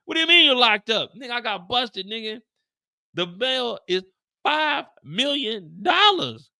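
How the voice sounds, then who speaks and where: A man voicing a panicky jailed street guy in a high, urgent, hushing voice. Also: sing-song, unhurried, creaky, no room sound, exaggerated voice. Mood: panicked.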